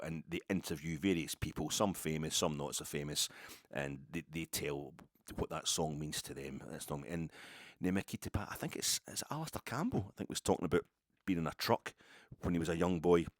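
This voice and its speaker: A man's voice: sits low, no room sound, studio quality. A man hosting a football podcast, telling a long digressive story in a casual, chatty way with many restarts. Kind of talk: casual rambling monologue.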